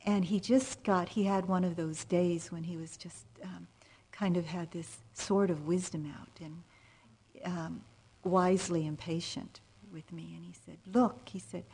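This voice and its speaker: Woman meditation teacher, dharma talk: low, husky, gentle, unhurried, near-whispered asides. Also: steady tone. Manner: soft-spoken, drifting into near-whispers; gentle and unhurried, with frequent fillers. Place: meditation retreat center.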